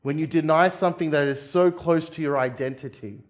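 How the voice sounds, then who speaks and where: Brief: Australian man, pastor type, casual but earnest sermon delivery, voice sitting a touch high. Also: a little fast. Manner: conversational, addresses listeners as guys and friends. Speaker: preacher. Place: church.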